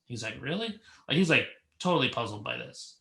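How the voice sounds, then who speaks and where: A man hosting a podcast, telling an animated story and acting out the people in it. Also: medium pitch, brisk, creaky. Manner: animated storyteller, acts out voices, laughs a lot. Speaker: podcast host. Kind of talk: casual chat, storytelling.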